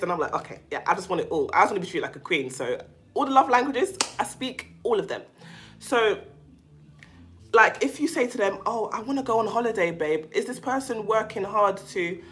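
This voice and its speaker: Reading viewer comments aloud as she goes, a woman hosting a casual livestream about narcissistic abuse chats with many fillers and restarts. Her voice is mid-range and a bit bright.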